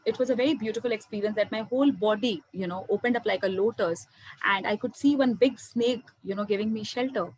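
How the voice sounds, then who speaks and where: A woman's voice: fairly high pitch, no echo, rough recording. A woman, sharing a personal spiritual testimony in an earnest way and often addressing her listeners as friends. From India. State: emotional. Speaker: meditation speaker. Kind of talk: personal testimony to an online audience.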